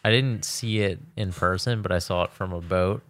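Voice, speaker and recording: A man's voice: sits low, normal speed, fairly bright tone. A man co-hosting a podcast, telling stories in a laid-back casual chat with lots of fillers. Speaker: podcast co-host.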